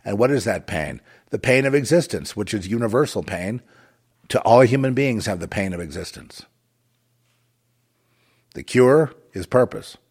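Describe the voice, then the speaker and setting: A man's voice: on the low side, expressive, moderate pace, long pauses, a little mellow, breathy edge. A man delivering a rambling, moralizing monologue with a sardonic, digressive way of talking.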